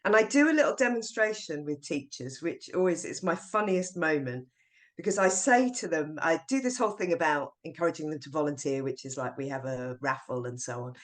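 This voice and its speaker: A middle-aged woman, a teacher trainer, being interviewed on a podcast and telling classroom stories in a lively way. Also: low voice, brisk. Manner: lively storyteller acting out classroom voices.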